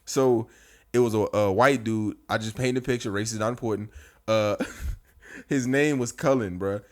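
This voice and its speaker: A man in his thirties telling army stories in a casual, profane chat. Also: fairly low pitch. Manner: fast, profane, animated storytelling. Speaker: podcast co-host.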